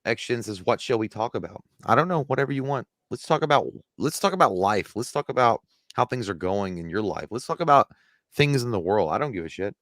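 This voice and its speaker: Low-voiced man rambling through live chat. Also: lively intonation, brisk, fairly bright tone, no echo. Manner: loose, profane, rambling answers to chat. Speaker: live show co-host reading chat. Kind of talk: casual live-stream chat.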